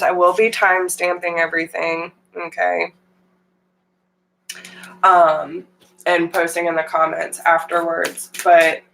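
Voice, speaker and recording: A young woman reading tarot live, chatting warmly with viewers, greeting them by name and saying y'all. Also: on the low side, vocal fry, low-quality recording. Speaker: tarot reader.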